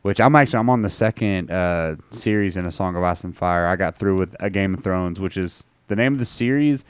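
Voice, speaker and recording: A man's voice: sits low, fairly quick, clean tone, no echo. A man hosting a podcast, chatting casually, asking questions and teasing his co-host. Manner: animated, teasing, asks questions. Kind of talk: casual chat.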